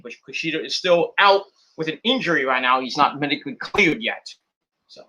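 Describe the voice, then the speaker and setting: A man's voice: fairly high pitch, bright, forceful tone. A man recapping and rating a wrestling show in a rambling, casual vlog, full of crude jokes and swearing.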